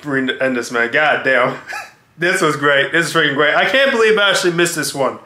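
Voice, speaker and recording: A laid-back man hosts a reaction video, wrapping up with loose, repetitive casual talk. His voice is slightly high and bright. The recording has a roomy echo. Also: moderate pace. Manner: laid-back, repeats himself with fillers and mild swearing. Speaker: reaction channel host. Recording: echoey room.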